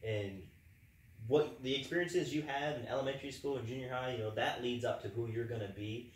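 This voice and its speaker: A man's voice: medium pitch, brisk, a little hiss or hum. A man co-hosting a casual podcast discussion, laying out long, earnest arguments. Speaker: co-host. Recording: echoey room, distant mic.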